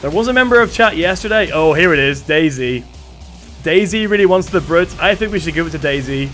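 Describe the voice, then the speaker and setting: A man commentating a live game stream with excitable energy and a slightly strained voice, thanking viewers as he goes. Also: a little high, a little fast, soft background music.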